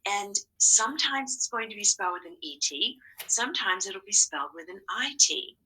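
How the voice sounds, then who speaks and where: A woman teacher giving a recorded phonics lesson to young children, speaking slowly and stretching out syllables. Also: medium pitch, animated, sharp tone, distant mic, poor audio.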